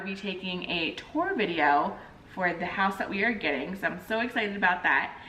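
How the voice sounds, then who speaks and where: A woman in her thirties chatting casually to camera as a vlogger, telling a story in an animated way and acting out the people in it. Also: medium pitch. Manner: animated storyteller, acts out quoted phone calls. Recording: roomy echo, mic at a distance.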